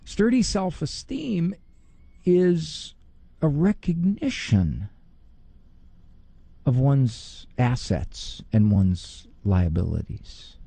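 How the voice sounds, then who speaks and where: Middle-aged guy, psychologist giving a talk, gravelly and husky, pitch all over the place. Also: dry recording. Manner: animated, quick to mimic others in a high voice. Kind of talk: talk on parenting and faith.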